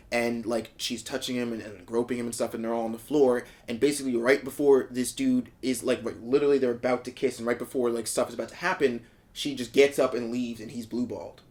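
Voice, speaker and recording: A man's voice: mid-range voice, steady tone, fairly quick, a little mellow. A young man co-hosting a podcast, explaining at length with fillers and casual swearing. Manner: rambling explainer with many fillers and restarts, casually profane. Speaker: podcast co-host. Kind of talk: casual chat.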